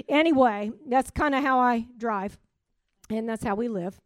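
A woman preaching a sermon, swinging from loud emphatic declarations to soft, almost whispered asides. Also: fairly high pitch, normal speed, dry recording.

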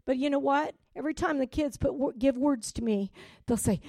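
A middle-aged woman pastor giving an emotional testimony sermon, dropping to soft whispers and rising to loud joyful outbursts. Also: high-pitched, fairly quick, dry recording, clean studio sound.

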